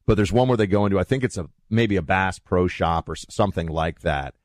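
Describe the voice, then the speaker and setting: A talk show host with a lowish voice rambles casually and briskly, circling back with fillers and restarts. The recording is dry and close, with no sense of room.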